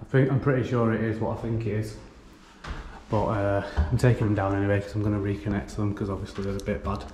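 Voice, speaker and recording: An electrician chats casually and thinks aloud while working indoors in a house under renovation, explaining things as he goes. His voice is on the low side, level, fast, and a little mellow. The room is echoey, with faint background noise.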